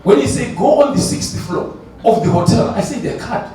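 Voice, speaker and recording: Man from Zimbabwe, church elder, very high voice, testimony in a roomy hall. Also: moderate pace. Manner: animated, laughing, repeats himself. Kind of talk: conference testimony. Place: large conference hall. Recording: echoey hall from far off, faint noise.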